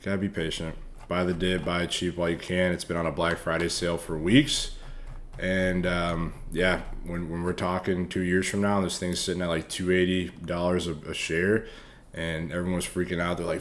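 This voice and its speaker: Deep-voiced man hyping stock charts. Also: level tone, normal speed, fairly bright tone. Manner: loose, profane and hyped. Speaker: stock trading streamer. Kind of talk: casual live stock chart review.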